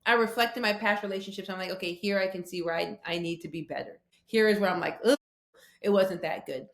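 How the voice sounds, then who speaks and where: A woman guest on a podcast, telling personal stories about conflict in a lively conversational way, acting out quoted voices. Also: medium pitch, quick pace, roomy sound. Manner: animated storytelling with quoted voices.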